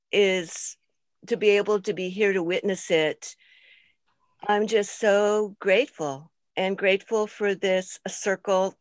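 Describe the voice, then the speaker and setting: A woman's voice: mid-range voice, no room sound. A woman sharing in a group video call, talking in an enthusiastic, rambling and explanatory way. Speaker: circle participant. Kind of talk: casual sharing.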